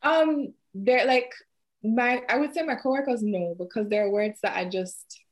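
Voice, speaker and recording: A woman's voice: on the high side, moderate pace. A woman with a Jamaican accent hosting a casual podcast chat, laughing often and slipping into patois. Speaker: podcast host.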